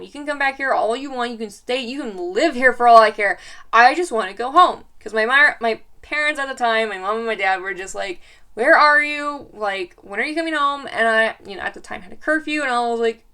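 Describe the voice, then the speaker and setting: A woman's voice: a little high, pushed and bright, clear, resonant tone. A young woman vlogger telling a story in casual chat, exasperated and chatty, acting out what she and others said.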